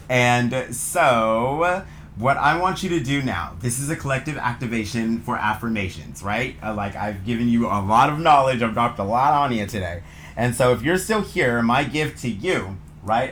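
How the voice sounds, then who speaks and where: A man of middle pitch hosts a spiritual card reading and talks his audience through affirmations. He speaks softly and warmly, with plenty of fillers and loose, wandering sentences. A faint hiss sits behind his voice. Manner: gentle, affectionate, meandering with fillers. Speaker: channel host, tarot reader.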